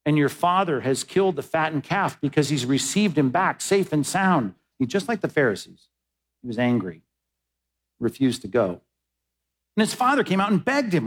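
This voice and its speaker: A male pastor preaching a sermon, reading scripture aloud and swinging between emphatic peaks and quiet asides. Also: on the high side, slightly rough.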